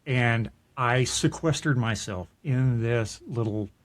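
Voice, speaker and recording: A man's voice: medium pitch, slow pace. A middle-aged man co-hosting a podcast, telling a personal story in an earnest, reflective way, often restarting his sentences. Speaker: podcast co-host. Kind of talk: personal storytelling in casual chat.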